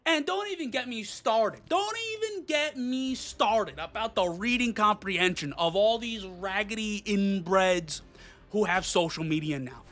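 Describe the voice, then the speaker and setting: A man's voice: high-pitched, animated, unhurried, a bit bright. A man reviewing games, ranting in a profane, exasperated way. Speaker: game reviewer. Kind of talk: ranting game commentary.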